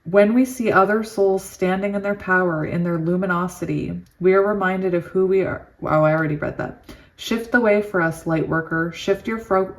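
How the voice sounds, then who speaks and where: Giddy, lowish-voiced woman tarot reader. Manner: giddy and excitable, laughs often. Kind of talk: reading oracle cards aloud with chatty asides.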